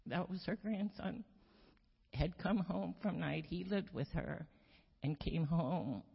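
An older woman giving a personal testimony, halting and slow with many pauses and repeated words. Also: on the low side, creaky, slightly rough. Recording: echoey hall, muffled sound.

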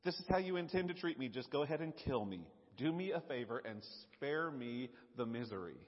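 A man preaching while voicing an exasperated, whiny male leader who pleads with God in a high voice. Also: animated, brisk, lightly acted. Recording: dull lo-fi sound, long hall reverb.

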